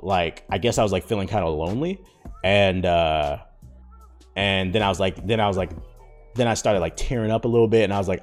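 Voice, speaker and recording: Low-voiced man rambling casually. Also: brisk, soft background music. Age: 30s. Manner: slangy, rambling, frequent fillers. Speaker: podcast host. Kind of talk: casual chat.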